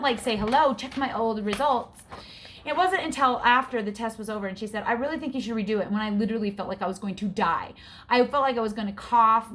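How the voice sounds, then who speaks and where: A woman's voice: mid-range voice, fairly bright tone, slight background noise. A woman in her forties vlogging in a casual, frank, chatty way, her breathing often audible. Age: 40s. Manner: chatty, frank, gets exasperated. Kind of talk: casual chat.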